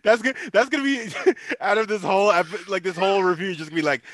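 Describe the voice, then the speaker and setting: A man joining a casual movie review podcast, joking and quick to laugh. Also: sits high, crowd noise.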